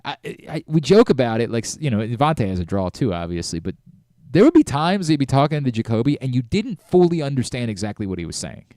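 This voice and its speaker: A middle-aged man hosting a sports radio talk show, talking in an animated way with frequent restarts and self-corrections. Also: medium pitch, fast talker, no echo, studio quality.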